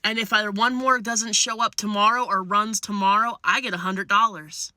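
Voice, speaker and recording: A woman's voice: mid-range voice, steady tone, normal speed, sharp tone, no echo, clean studio sound. A woman voicing an amused man neighbor with a laid-back, teasing way of talking.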